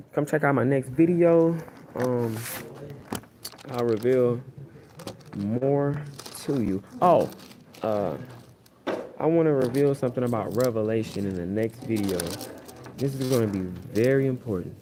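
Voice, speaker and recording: A man's voice: mid-range voice, moderate pace, long pauses, noisy background. A man preaching in a rambling live stream from a plane, often checking that listeners follow him. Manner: repetitive, keeps asking "you see what I'm saying". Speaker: self-styled high priest preaching online. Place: airplane cabin.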